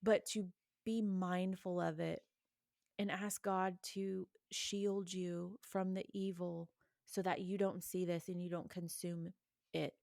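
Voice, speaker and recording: A woman's voice: fairly low pitch, flat delivery, takes it slowly, gravelly, darkish tone, no echo, clean studio sound. A woman giving an earnest, encouraging faith reflection, urging listeners directly. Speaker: Christian podcast host.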